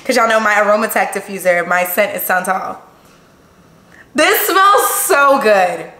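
A woman, chatting excitedly to viewers while unboxing gifts at home, gasping and gushing as she goes. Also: mid-range voice, measured pace. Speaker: vlogger. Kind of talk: casual unboxing vlog. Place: room at home. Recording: echoey room with background noise.

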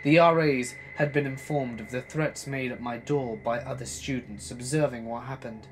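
A man reading a scary true story as a narrator, dramatic, swinging between loud bursts and hushed asides. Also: medium pitch, fairly even intonation, moderate pace, a little hiss or hum. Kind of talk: scripted horror story narration.

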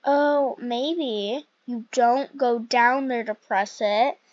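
A woman's voice: a little high, drawn-out words, muffled recording. A woman hosting casual game commentary at home, chatty and rambling as she plays. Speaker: gaming channel host.

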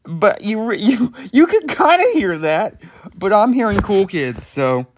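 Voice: medium pitch, very animated, unhurried, a little hiss or hum. A reaction video creator giving casual, giggly commentary, often exclaiming and apologizing.

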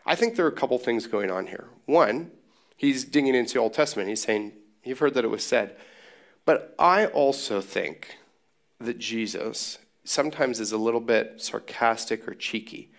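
A man's voice: medium pitch, animated, moderate pace, vocal fry. A man preaching a sermon in a casual, joking way with sarcastic asides. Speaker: pastor.

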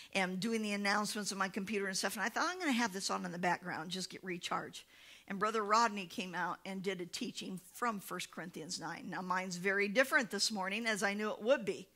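A woman pastor preaching a sermon in church, telling stories with lively acted-out quotes. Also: mid-range voice. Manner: animated storytelling, acting out quoted voices. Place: church sanctuary.

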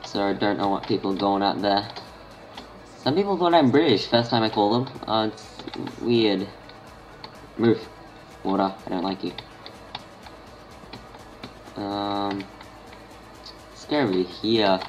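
Lowish-voiced Australian man rambling over gameplay. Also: a little slow, long pauses, soft background music. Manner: rambling, thinks aloud, mutters half-finished sentences to himself. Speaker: gaming channel host. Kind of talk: casual gameplay commentary.

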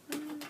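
Fiery young woman ranting, high voice. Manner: profane, dramatic, swings between loud outbursts and quiet hurt. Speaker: vlogger. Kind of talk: comedic rant to camera.

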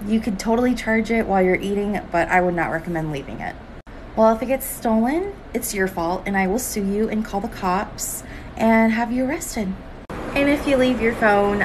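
A woman's voice: a little high, noisy background, natural voice. A woman acting out a patient, firm sandwich shop worker and a demanding, threatening customer in a comedy skit.

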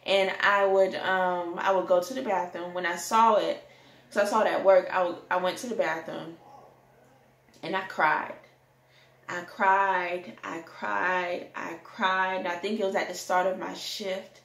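A young adult woman telling a candid personal story in a rant, animated and sometimes breaking into song. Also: on the low side, unhurried. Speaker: vlogger. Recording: echoey room.

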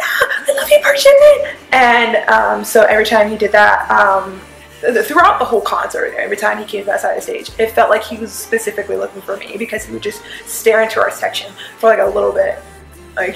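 Gravelly-voiced gushing fangirl woman. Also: medium pitch, echoey room, rough recording. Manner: gushing, excitable fangirl talk full of "like" and swearing. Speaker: vlogger. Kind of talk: casual concert review chat.

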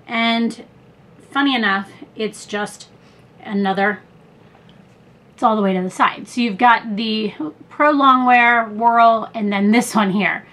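A woman with a somewhat high voice records a casual beauty haul at home, talking close to her camera. She rambles chattily through the products, with plenty of fillers and little asides. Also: steady tone, slow, long pauses, a bit bright. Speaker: beauty vlogger.

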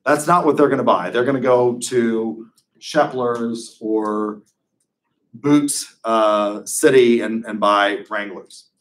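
A man's voice: mid-range voice, slow. A man giving a conversational classroom lecture as a professor, full of wry, digressive asides.

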